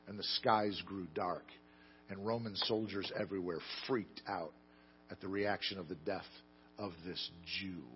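A man preaching a sermon, telling stories with self-deprecating humor and swinging between loud emphasis and quiet asides. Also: lowish voice, muffled recording, slight background noise. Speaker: pastor.

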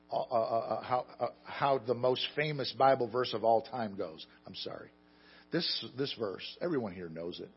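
A man preaching a sermon, telling stories with self-deprecating humor and swinging between loud emphasis and quiet asides. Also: medium pitch, husky, dull audio. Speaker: pastor.

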